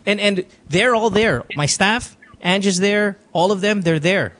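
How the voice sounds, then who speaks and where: Speaking a little slowly in a high, slightly bright voice, a man hosts an emotional call-in advice podcast from a radio studio. He is earnest and confessional, repeats himself, and there's slight background noise.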